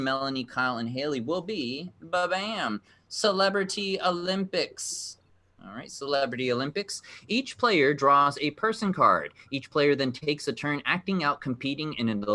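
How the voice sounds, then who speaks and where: A man's voice: mid-range voice, bright, forceful tone. A man hosting a live virtual game show over a video call, upbeat and encouraging as he explains the rules.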